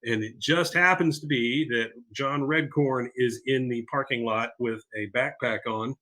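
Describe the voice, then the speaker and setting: A man's voice: mid-range voice, unhurried, hardly any pauses, sharp tone. A man co-hosting a podcast, casually retelling an episode scene by scene with side comments. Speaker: podcast co-host.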